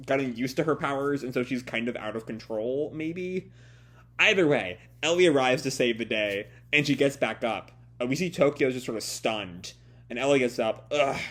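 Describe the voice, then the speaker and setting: A man reacting live to a comic chapter in a loose, hesitant way, often stopping to restart his sentences. His pitch sits in the middle range for a man. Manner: hesitant, many fillers and restarts. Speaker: manga reviewer. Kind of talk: casual live reading commentary.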